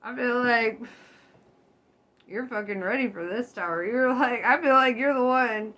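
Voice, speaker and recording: A woman's voice: on the high side, a little slow, sharp tone. Laughing, swearing young woman reading tarot. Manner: laughs often, swears freely, loose and chatty. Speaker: tarot reader. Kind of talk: casual tarot reading to viewers. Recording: faint background noise.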